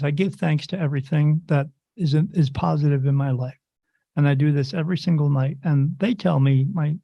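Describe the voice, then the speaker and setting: A man with a slightly high voice tells stories in a loose, rambling way, breaking off and restarting his sentences as he goes. He brings the stories to life by acting out what each person says. The sound is dull and lo-fi, recorded close in a dead, dry space. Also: vocal fry, dry recording. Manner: animated storyteller who acts out the voices of others in his stories. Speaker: podcast guest, spirit medium. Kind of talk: casual interview chat.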